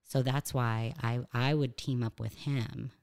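A woman's voice: a bass voice, fairly even intonation, measured pace, creaky, a little mellow, clear, resonant tone. Chatty woman with a cartoonish voice. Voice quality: said to sound like a cartoon voice. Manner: chatty, joking, lots of fillers and asides. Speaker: guest. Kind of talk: casual comedic interview chat.

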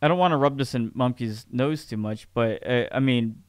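A man's voice: medium pitch, moderate pace, clean tone, no room sound, clean studio sound. A man co-hosting a podcast in casual chat, ranting with profanity and frequent restarts. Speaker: podcast co-host.

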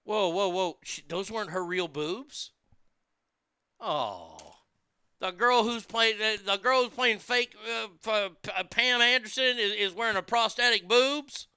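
A man rants profanely as he hosts a talk show. His voice sits high and sounds very bright and crisp. It swings between low muttering and loud outbursts, close on a dry mic. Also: expressive, unhurried, dry recording. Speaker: podcast host. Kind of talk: casual ranting monologue.

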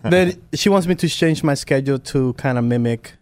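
A young man co-hosting a morning radio show, joking around in a brash, quick way. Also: medium pitch, a little mellow. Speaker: radio co-host. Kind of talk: casual morning show banter.

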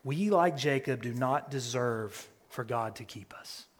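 A man's voice: mid-range voice, unhurried. Preaching man in a reverberant hall. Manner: dynamic preaching, swinging from hushed near-whispers to loud proclamation. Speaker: pastor. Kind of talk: sermon.

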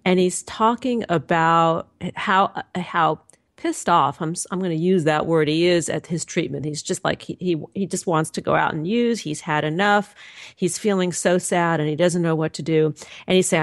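A woman's voice: lowish voice, normal speed, no room sound, clean studio sound. Conversational woman radio host. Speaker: radio show host and therapist. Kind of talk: radio interview.

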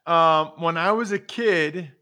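Bright-voiced man chatting enthusiastically. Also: on the high side, slow pace, clean tone. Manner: rambling, enthusiastic, lots of fillers. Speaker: football analyst co-host. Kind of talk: casual chat. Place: home.

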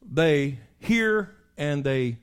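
A man, a pastor preaching in a folksy, animated storytelling way, breaking into animal call imitations. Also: a little high, very slow, clear, resonant tone.

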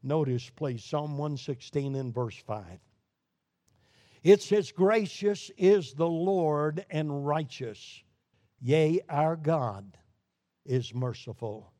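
A man preaching a sermon with emphatic swings between loud declarations and hushed low lines. His voice sits fairly high for a man. The sound is close and dry, with no room around it. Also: slow, no echo. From Brooklyn, New York. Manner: emphatic preaching with sharp rises and drops in volume.

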